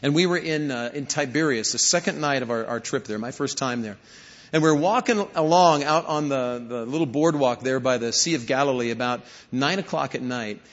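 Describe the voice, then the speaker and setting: A man's voice: mid-range voice, moderate pace. A man preaching a sermon, telling stories and rising to emphatic questions. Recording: hall reverb, dull lo-fi sound.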